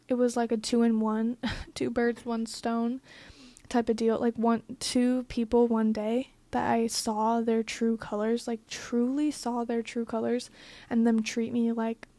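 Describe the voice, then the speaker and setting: A young adult woman vlogger tells a personal story straight to camera in a casual storytime monologue. Her voice is fairly high but flat and monotone, her tone mellow, and she's blunt, profane and emphatic, swearing freely and dropping "like" constantly. The audio is dry and close, with no room sound.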